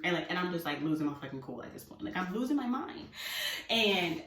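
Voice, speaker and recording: A woman vlogger telling a casual story, animated and swearing freely, acting out her own panic. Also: lowish voice, fast, far from the mic, slight background noise. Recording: roomy sound from away from the mic.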